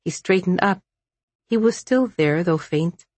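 A woman narrating an audiobook in a measured, even storytelling manner. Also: lowish voice, no echo.

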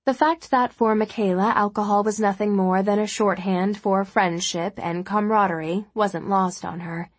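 A woman reads a novel aloud for an audiobook, her scripted narration steady and measured. Her voice is mid-range and the recording is dry.

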